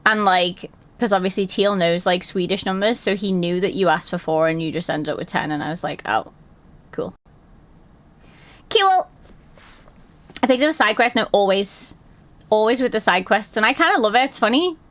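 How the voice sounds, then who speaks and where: A woman chatting casually on a live stream, telling stories in a lively way and swearing and laughing often. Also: medium pitch, a little fast.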